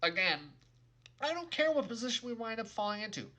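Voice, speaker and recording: A man's voice: high-pitched, very animated, fairly quick, bright, forceful tone. A young adult man giving an exasperated, sarcastic, emphatic rant in a video game review.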